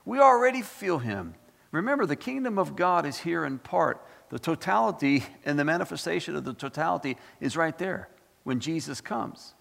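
A man preaching a sermon. He swings from loud exclaiming to hushed asides and keeps putting questions to the congregation. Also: on the high side, expressive, moderate pace, vocal fry. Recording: long hall reverb.

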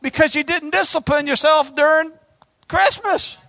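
A man's voice: extremely high pitch, normal speed, creaky, sharp tone, no echo. A man preaching an impassioned sermon, calling out to his congregation.

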